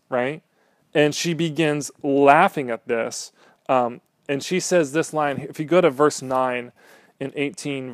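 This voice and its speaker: A man's voice: medium pitch, no echo. Casual preacher man, dry close sound. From Southern California. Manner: casual, animated, asks the room "right?". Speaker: pastor. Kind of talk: conversational sermon.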